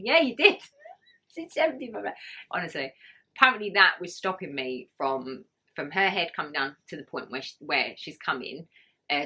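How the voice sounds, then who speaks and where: A woman's voice: low-pitched, pushed and bright, breathy edge. A woman vlogger chatting casually through her birth story, laughing often and acting out what others said. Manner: chatty, laughing, acts out quoted voices.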